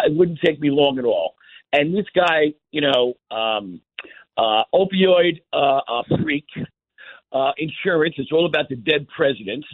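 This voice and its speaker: Radio caller, man, fairly high voice, rambling and halting, tinny phone line, dry. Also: no room sound. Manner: rambling, halting, many fillers. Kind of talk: call-in talk radio.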